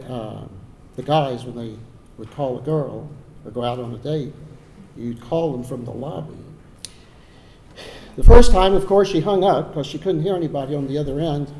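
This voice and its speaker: A man's voice: a little high, warm tone, a little hiss or hum. Earnest older Texan man at a podium. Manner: heartfelt, earnest, with occasional repeated words and restarts. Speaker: donor giving a dedication speech. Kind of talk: ceremonial speech from prepared remarks. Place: ceremony hall.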